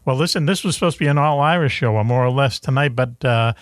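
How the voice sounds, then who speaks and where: A man hosting a radio talk show, loose and joking, with plenty of "uh" and quick laughs. His voice sits in an ordinary middle register. The recording is dry and close, with no room sound. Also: mid-range voice, dry recording. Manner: laid-back, joking, many fillers and laughs. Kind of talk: casual panel chat.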